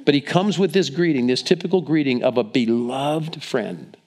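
This sermon comes from a man with a medium-pitched, darkish voice speaking at normal speed. He tells the scripture as a vivid story, performing quotes in acted voices while frequently restarting and repeating himself.

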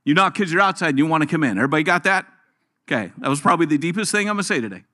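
Talking very fast in a slightly high voice, this middle-aged guest preacher fills his church sermon with jokes and stories. His manner is lively and animated throughout.

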